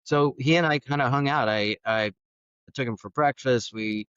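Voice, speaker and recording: A middle-aged man, a guest on a podcast, telling his personal story in an animated way and acting out the dialogue. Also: medium pitch, normal speed, smooth, dry recording. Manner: animated, acts out quoted dialogue. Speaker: podcast guest, foster parent. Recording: dull, dry studio sound.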